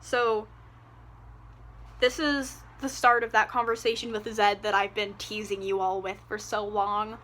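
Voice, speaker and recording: A woman's voice: mid-range voice, level tone, a little slow, bright, forceful tone. A woman reviewing a book on her vlog, exasperated and sarcastic, with lots of "like" and asides. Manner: exasperated, sarcastic, heavy use of "like".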